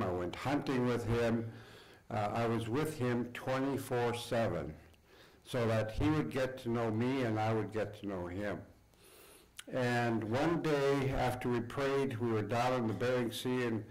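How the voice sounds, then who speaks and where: An older man accepts an award before an audience in an event hall, telling stories from his upbringing in an unhurried, reflective way with pauses. His voice is medium-pitched, and the recording is low quality.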